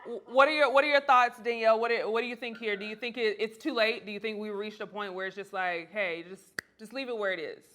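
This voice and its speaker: A woman hosting a news panel in a bright, forceful voice that sits a bit high. She keeps things moving with brisk questions. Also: a little hiss or hum. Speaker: host.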